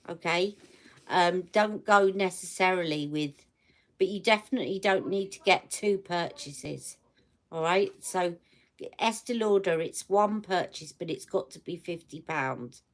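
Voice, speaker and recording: A woman's voice: on the low side, measured pace. A woman hosting a beauty livestream from home, chatting casually and checking in with her viewers as she shows products. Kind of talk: casual live product review.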